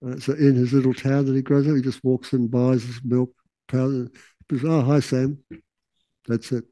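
A man giving a relaxed, casual teaching talk, with laughing asides and quotes that he acts out. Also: medium pitch, a little fast, no echo, rough recording.

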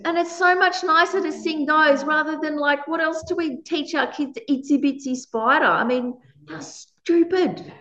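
A woman's voice: sits high, moderate pace, hardly any pauses, bright, forceful tone, echoey room. A woman giving a conversational dharma talk as a meditation teacher. She laughs often while she teaches.

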